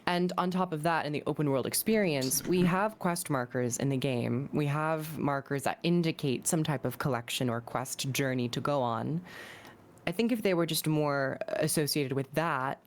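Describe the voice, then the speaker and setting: A woman on a gaming podcast, giving her views in a measured, thoughtful way. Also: deep voice. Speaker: podcast guest. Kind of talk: casual gaming chat.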